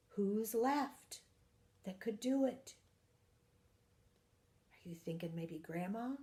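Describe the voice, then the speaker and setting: A woman reading a children's picture book aloud, animated, asking her young listeners questions and gasping for effect. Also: medium pitch, slow, long pauses. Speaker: parent partner reading storytime.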